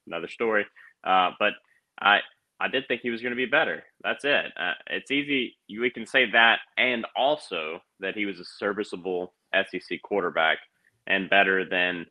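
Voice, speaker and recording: A man as a podcast guest in casual sports chat, thoughtful and hesitant, often restarting his sentences. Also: low-pitched. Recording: dull lo-fi audio.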